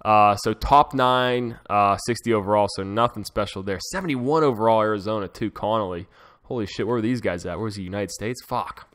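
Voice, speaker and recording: A young man giving casual commentary over a hockey management game, talking to his viewers and swearing freely when excited. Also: fairly low pitch, brisk. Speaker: gaming YouTuber. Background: dog heard in cage.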